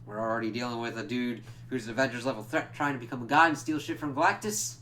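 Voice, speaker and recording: A man's voice: medium pitch, quick pace, hardly any pauses, sharp tone. A man giving a casual, spoiler-filled comic book review, rambling along with lots of "like" and "kinda" fillers and casual swearing.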